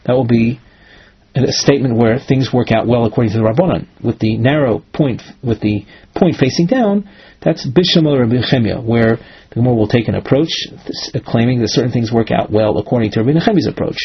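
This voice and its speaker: Husky man teaching a Talmud lesson. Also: mid-range voice, brisk. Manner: reads Aramaic phrases then translates. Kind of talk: text-based lecture. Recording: dull lo-fi recording.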